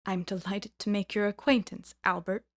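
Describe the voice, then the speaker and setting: A polite, refined koala gentleman speaks with careful courtesy, as a woman reads him. His voice is mild and slightly raised from a normal tone, from a storybook reading. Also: mid-range voice, fairly even intonation, normal speed, natural voice.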